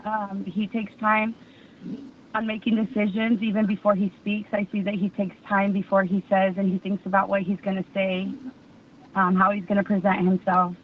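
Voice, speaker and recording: A woman's voice: medium pitch, level tone, normal speed, slight background noise. A woman reading an earnest statement at a parole hearing, with some hesitant fillers. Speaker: public commenter at parole hearing. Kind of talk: read public statement. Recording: tinny distant phone line.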